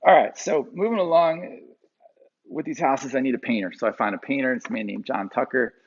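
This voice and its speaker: A middle-aged man from Philadelphia telling a personal story to a live audience, often repeating words and jumping up in pitch when he quotes people. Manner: halting, repeats words, acts out quotes with sudden high pitch. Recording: dull lo-fi sound.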